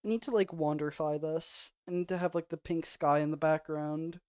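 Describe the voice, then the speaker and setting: A man's voice: on the high side, fairly even intonation, normal speed, clear, resonant tone, dry recording. Rambling, self-mocking male game streamer. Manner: soft-spoken off stream. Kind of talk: casual livestream chat.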